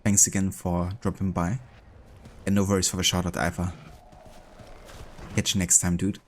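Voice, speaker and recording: A man with a German accent talks through his game in a very low, deep voice. His manner is relaxed and chatty as he chats easily with his viewers. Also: normal speed, slight background noise. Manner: relaxed and chatty, with easy laughs. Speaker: streamer. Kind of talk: casual gameplay chat with viewers.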